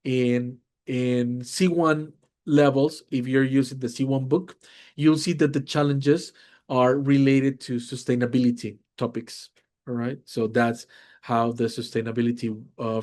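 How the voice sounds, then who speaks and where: A man's voice: medium pitch, darkish tone. A man with a Latin American Spanish accent presenting a webinar to teachers, often checking in with "all right?" and many fillers. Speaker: teacher trainer.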